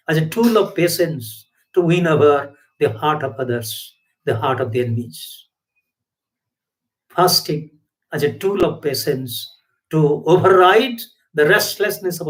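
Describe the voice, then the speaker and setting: A man's voice: sits high, poor audio. Emphatic man giving a sermon. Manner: emphatic, repetitive, rhetorical questions. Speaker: spiritual teacher.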